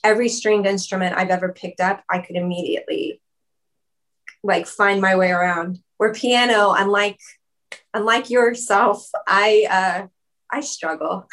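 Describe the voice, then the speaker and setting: A woman's voice: medium pitch, fairly even intonation, a little slow, fairly bright tone. Casual talk, chatty woman full of "likes" and "ums". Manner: chatty, lots of "like" and "um", laughs often. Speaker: musician guest. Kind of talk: casual interview chat. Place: video call.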